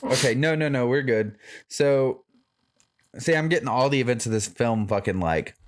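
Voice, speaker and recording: A man's voice: mid-range voice, normal speed. A man co-hosting a movie-review podcast, recapping the plot in a loose, profane, rambling way. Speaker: podcast co-host. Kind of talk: casual movie-review chat.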